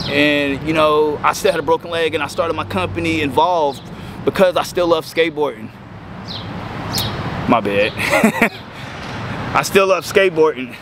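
A man in his thirties telling his recovery story emotionally, halting and choking up, with frequent restarts. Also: on the high side. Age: 30s. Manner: halting, choked up, breaks off with restarts. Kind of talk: emotional personal testimony. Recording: outdoor street noise with passing cars.

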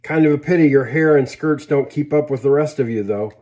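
Man reading old grandfather, dry teasing, mellow tone, plainspoken, storybook. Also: fairly high pitch, a little fast, close to an everyday voice.

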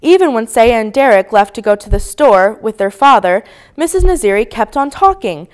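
A woman reading a children's story aloud, her voice rising and falling in a lively sing-song. Her tone is smooth and clear, set a little high. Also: normal speed. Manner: expressive, sing-song narration. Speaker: storybook reader.

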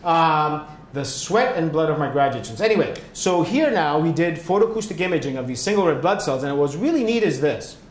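A man's voice: lively intonation, a little fast, hardly any pauses. A middle-aged man giving a public science lecture, explaining with frequent check-ins like "right?" and "okay?". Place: hospital lecture hall. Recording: echoey hall, faint rumble.

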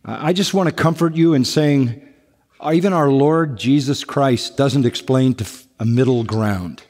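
A man's voice: mid-range voice, a little slow, darkish tone. A man preaching a sermon, emphatic, and he often repeats key phrases. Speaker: pastor. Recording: long echo of a large hall.

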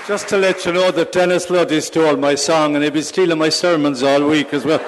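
Priest, joking with a congregation, mock-solemn delivery, reverberant church. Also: male voice, mid-range voice. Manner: playful, teasing, mock-solemn. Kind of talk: telling jokes to a congregation. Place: large church.

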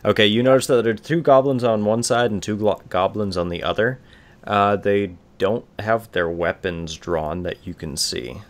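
A man's voice: fairly low pitch, moderate pace. A man narrating as game master in a casual tabletop game, laughing often between lines.

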